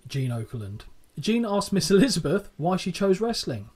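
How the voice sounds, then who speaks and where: A man's voice: on the high side, very animated, moderate pace, a little mellow. Sweary, jokey man recapping wrestling. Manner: swears freely, laughs often, jokey. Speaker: podcast co-host. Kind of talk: casual wrestling recap chat.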